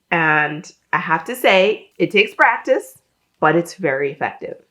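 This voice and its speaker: A woman's voice: lowish voice, fairly bright tone. A woman in her thirties, a fitness channel host, talking casually to camera in a chatty, self-deprecating way while explaining her routine.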